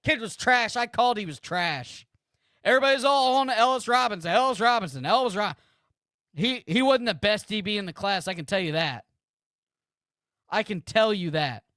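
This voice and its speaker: A man's voice: sits high, animated, normal speed, sharp tone, no room sound, clean studio sound. A man in his thirties hosting a live football watch-party stream, ranting about a player in a repetitive, profane way. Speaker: sports streamer host.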